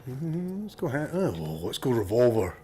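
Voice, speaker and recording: A man's voice: mid-range voice, big pitch swings, a little slow, mellow, faint music behind. A Scottish man live-streaming a game, chatting casually with viewers, swearing and laughing freely, a bit sniffly. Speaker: gaming streamer. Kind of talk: casual live-stream chat and gameplay commentary.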